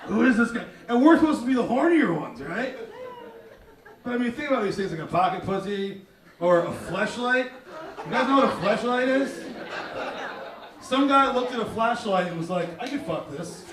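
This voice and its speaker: A man doing a crude, animated stand-up comedy set, often slipping into mocking voices. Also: very high-pitched, normal speed, long pauses. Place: small theater stage. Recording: roomy, distant mic, loud crowd laughter.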